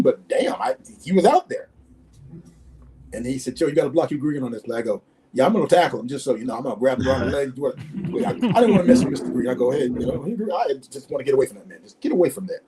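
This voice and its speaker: An older man in his sixties, a former football player, tells stories in an interview with lively swings in pitch, jumping into the voices of the people he quotes. His voice is mellow and slightly husky. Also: fast, rough recording. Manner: animated storyteller, acts out quoted voices. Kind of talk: storytelling interview.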